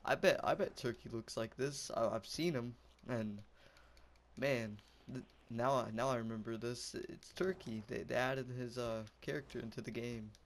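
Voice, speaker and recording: A man's voice: medium pitch, normal speed. A young man giving goofy, rambling commentary while playing a game, yelping and laughing as he goes. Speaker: gameplay commentator. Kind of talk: casual gameplay commentary.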